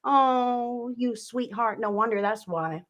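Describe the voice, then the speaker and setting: A woman's voice: fairly high pitch, slow pace, fairly bright tone. A woman doing a live-streamed psychic reading. She talks in a chatty, affectionate way, full of endearments, and checks in with "okay?" after each point. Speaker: psychic reader.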